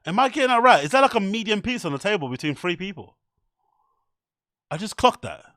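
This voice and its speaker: A man's voice: sits high, very animated, quick pace, pushed and bright, no echo, clean studio sound. A man hosting a livestream, reacting to clips with casual, profane commentary and frequent laughter. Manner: swears often, laughs a lot, incredulous mocking. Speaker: podcast host.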